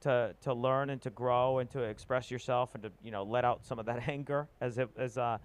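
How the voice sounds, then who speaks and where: A man who surfs co-commentating live at a surf contest, talking haltingly with many restarts. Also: mid-range voice, steady tone, clean tone. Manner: halting, full of restarts and fillers. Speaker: surfer and co-commentator.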